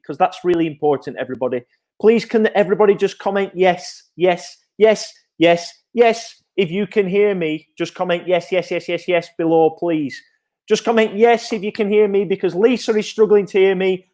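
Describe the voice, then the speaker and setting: Energetic high-voiced man. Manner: energetic, repetitive, upbeat sales-pitch reassurance. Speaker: childcare provider running a live update. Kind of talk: live-streamed parent update.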